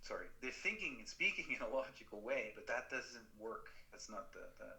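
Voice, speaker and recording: A man talking casually on a podcast as co-host, halting with fillers and restarts. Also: mid-range voice, expressive, roomy sound, crowd noise, low-quality recording.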